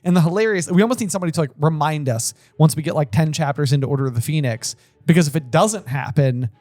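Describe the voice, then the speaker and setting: A man's voice: on the high side, fast, darkish tone, no room sound. A man co-hosting a book podcast, chatting casually with lots of fillers and restarts. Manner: rambling, many fillers and restarts. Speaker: podcast co-host. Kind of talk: casual chat.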